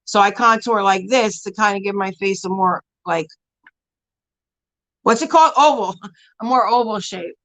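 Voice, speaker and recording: A woman's voice: mid-range voice, normal speed, pauses often, fairly bright tone, low-quality recording. A woman hosting a casual beauty live stream, chatting and answering viewers in a rambling way full of fillers and frequent laughs. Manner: laughs often while talking.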